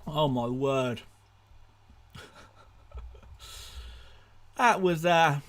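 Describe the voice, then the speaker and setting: A young man hosting a live stream, firing off rapid answers to viewer questions, excitable and laughing often, out of breath at times. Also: fairly high pitch. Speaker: fantasy football streamer.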